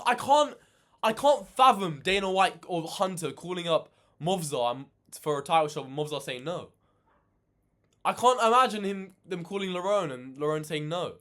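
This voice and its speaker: High-voiced man ranting casually. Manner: animated, swears a lot, exasperated ranting. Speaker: reaction channel host. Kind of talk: casual reaction commentary.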